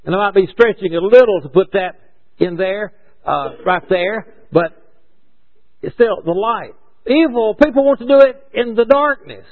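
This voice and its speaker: A man preaches a sermon conversationally in a high-pitched, animated voice at a moderate pace, posing rhetorical questions and correcting himself as he goes. The recording is dull and lo-fi.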